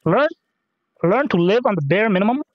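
A man's voice: high-pitched, animated, moderate pace, no echo. Rambling, profane young man gaming. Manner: rambling, profane, jokey, self-interrupting. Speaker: gaming podcast host. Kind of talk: casual rambling chat while playing. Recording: dry, dull lo-fi sound.

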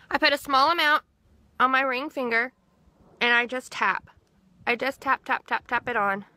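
A middle-aged woman records a casual skincare demo on her phone outdoors. Her voice sits a bit high and sounds bright and forceful, with frequent throat-clearing. She chats her way through each step for viewers. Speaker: skincare product seller. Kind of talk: casual product demonstration vlog. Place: outdoors in the wind.

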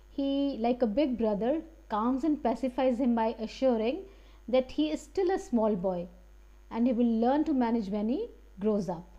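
Woman English teacher, fairly high and mellow voice, steady reading with plain explanations. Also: lo-fi sound. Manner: reads passages aloud and paraphrases them plainly.

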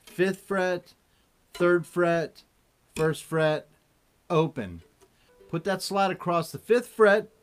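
A man teaching a relaxed guitar lesson, explaining in an easygoing way while he plays. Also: sits high. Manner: slow, easygoing, demonstrates while talking. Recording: loud guitar under the voice. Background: loud cigar box guitar playing.

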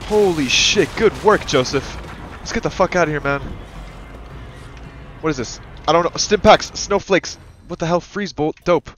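A man giving let's-play commentary, excitable and profane, yelling at the game and talking to his in-game partner like a buddy. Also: a little high, normal speed, pauses often, a little hiss or hum. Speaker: gaming channel host.

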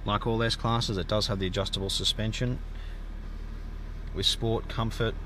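A man's voice: lowish voice, fairly even intonation, moderate pace, sharp tone, slight background noise. A man giving a gushing car-sales walkaround as a dealer. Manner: enthusiastic, gushing sales talk.

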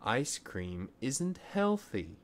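A man's voice: mid-range voice, extremely slow, slight background noise. A man voicing a firm, patient mother. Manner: calm, firm and plainly spoken. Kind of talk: storybook reading.

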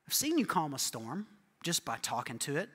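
A man's voice: fairly high pitch, wildly swooping pitch, moderate pace, sharp tone, slightly rough, pitched below the performer's own voice, exaggerated voice. A man preaching who acts out a frightened, impulsive fisherman disciple, pleading and panicky, in a church hall with long reverb. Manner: pleading, then panicky and breathless.

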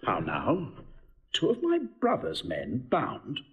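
A man's voice: mid-range voice, wildly swooping pitch, slow, highs cut off, crowd noise. An actor playing a teasing nobleman prince with a playful, mocking delivery in a stage play recording.

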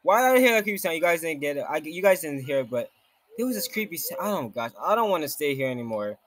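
A man's voice: a little high, big pitch swings, fast, a bit bright. A man giving jumpy gameplay commentary, exclaiming often and reading game text aloud. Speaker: game streamer.

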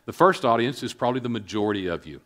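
A middle-aged man giving a filmed public talk, speaking earnestly and haltingly with many fillers, calm and reflective. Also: mid-range voice. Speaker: speaker on suicide prevention.

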